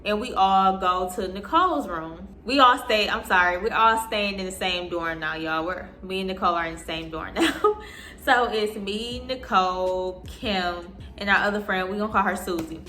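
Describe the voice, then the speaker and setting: A young woman in her twenties telling an animated storytime, acting out what people said. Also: mid-range voice, moderate pace. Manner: animated, acting out quotes in voices. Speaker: vlogger. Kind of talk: storytime vlog. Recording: echoey room with soft music. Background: soft background music.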